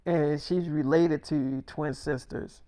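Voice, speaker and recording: A man's voice: fairly high pitch, fairly even intonation, slow pace, mellow, clean tone. A man casually telling a story, rambling and swearing while acting out dialogue. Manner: profane, rambling, acts out dialogue.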